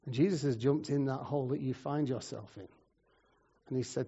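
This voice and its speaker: A man preaching a sermon, telling stories in a conversational way and moving between loud and quiet. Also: medium pitch, fairly quick, creaky, husky. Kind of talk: sermon with storytelling. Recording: muffled, long hall reverb.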